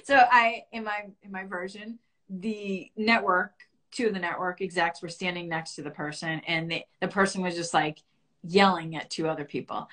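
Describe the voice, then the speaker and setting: Bright-voiced woman telling a personal story. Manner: earnest and reflective, rising high and fast when reliving panic.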